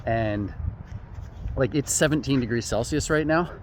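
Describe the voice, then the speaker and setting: A man's voice: mid-range voice, unhurried, a little mellow, a little hiss or hum. Easygoing man vlogging outdoors. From Canada. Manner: easygoing, chatty, laughs often. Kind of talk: casual travel vlog narration.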